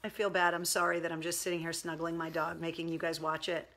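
A woman's voice: lowish voice, flat delivery, quick pace, a bit bright. Chatty woman hosting a casual livestream. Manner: chatty, rambling, baby talk to her dog. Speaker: live stream host. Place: at home.

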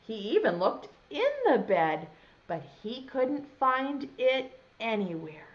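Animated preschool teacher reading aloud. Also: female voice, on the high side, slow pace. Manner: animated, asks children questions. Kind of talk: reading a picture book aloud to young children. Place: home, video lesson. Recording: dull lo-fi sound.

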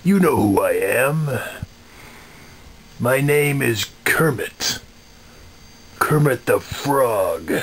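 Smug takeover puppet frog, voiced by a man: low-key, very slow, sly. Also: breathy edge, heavily acted. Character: male puppet frog taken over, smug and mean. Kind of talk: puppet comedy video.

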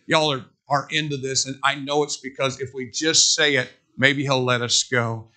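A man's voice: mid-range voice, steady tone, normal speed, few pauses, bright, forceful tone. A man pastor preaching a sermon in a church, emphatic and drilling points with call-and-response. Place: church sanctuary.

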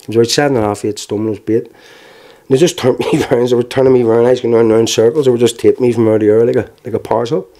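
A man in his forties with a Belfast accent, giving frank personal testimony in an interview, telling it plainly with halting restarts. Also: mid-range voice, steady tone, mellow. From Northern Ireland.

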